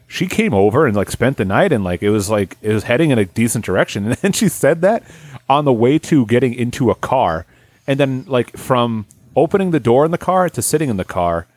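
A man's voice: mid-range voice, very animated, fairly quick, darkish tone, no echo. A man on a casual podcast telling a story in a rambling way, full of restarts. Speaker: podcast co-host.

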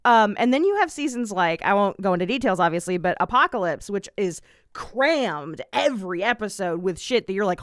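A woman talks as a podcast co-host in a loose, critical chat. Her voice is smooth and clean, close and dry with no room around it, and her speech is full of fillers. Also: medium pitch, animated, brisk, no echo. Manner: critical, conversational with many fillers. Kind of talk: casual chat.

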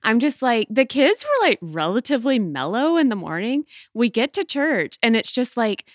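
A woman co-hosting a chat podcast, chatty and quick to agree and laugh. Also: fairly high pitch, very animated, no echo, clean studio sound. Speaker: podcast co-host. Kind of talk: casual chat.

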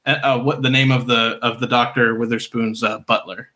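A man's voice: medium pitch, little pitch movement, moderate pace, sharp tone. A man playing a tabletop game, chatting casually in a rambling way. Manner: rambling, laughs often. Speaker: player.

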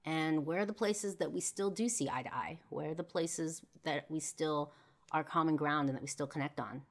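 A woman's voice: low voice, normal speed. A young woman hosting a podcast, telling an emotional personal story in a casual way, with frequent fillers and swearing. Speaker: podcast host.

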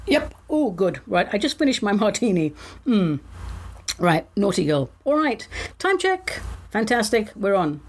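A woman's voice: medium pitch, big pitch swings, unhurried. A woman hosting a solo show in a playful, theatrical way. She has a middle-range voice and reads comic verse aloud, slipping into whispers for effect. She sounds middle-aged. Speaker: podcast host.

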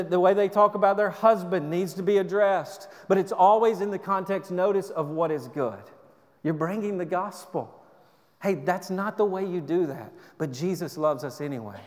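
A man with a notably high voice preaches in earnest, urging tones, often stumbling and restarting mid-phrase. His sermon rings out with a long hall reverb, as if from a church sanctuary. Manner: earnest, exhorting, with frequent restarts. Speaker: pastor.

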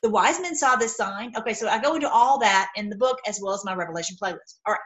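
A woman's voice: mid-range voice, lively intonation, quick pace, few pauses, fairly bright tone, rough recording. A woman giving a casual, rambling Bible teaching, talking straight to her viewers and acting out the people she quotes.

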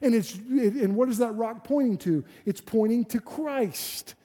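A man's voice: very high-pitched, measured pace, mellow. A man preaching a sermon as a pastor, earnest and full of rhetorical questions and restarts. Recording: long hall reverb.

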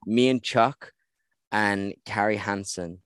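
A man in his early thirties hosts a casual podcast chat, full of slang and easy jokes. His voice is lowish and sounds dry and close to the mic. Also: slow pace, fairly bright tone, clean tone, no room sound. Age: 30s. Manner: slangy, chatty, joking. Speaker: podcast host.

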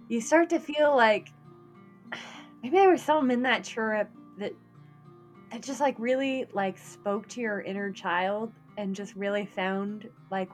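A woman narrating a tabletop game as game master, amused, with faint guitar music behind. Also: medium pitch.

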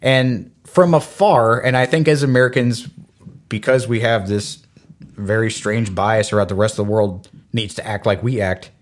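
Lively male storyteller, middle-aged. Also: fairly low pitch, normal speed. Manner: animated storyteller, acts out quoted voices. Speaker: podcast co-host. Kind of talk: casual chat.

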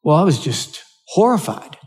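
Older American pastor telling a story. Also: male voice, on the high side, sing-song, darkish tone, faint music behind. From United States. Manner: earnest, halting storyteller with many restarts. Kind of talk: sermon storytelling.

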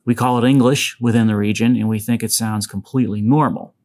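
A man's voice: fairly low pitch, steady tone, fairly quick, darkish tone. A man from Western Pennsylvania hosting a solo podcast, talking casually with wry asides and a faint, mostly masked local accent. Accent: Western Pennsylvania, softened. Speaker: podcast host.

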